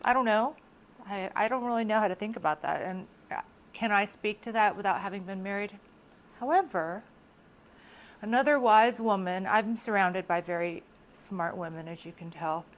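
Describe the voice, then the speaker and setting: Middle-aged woman, chatty vlogger, expressive, laughs a lot, mid-pitched voice. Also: moderate pace. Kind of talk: casual monologue to camera.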